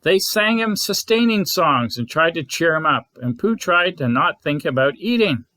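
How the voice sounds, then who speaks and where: Scout leader reading a bedtime story, gentle and expressive, lively pitch, dry close sound. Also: male voice, normal speed, dry recording.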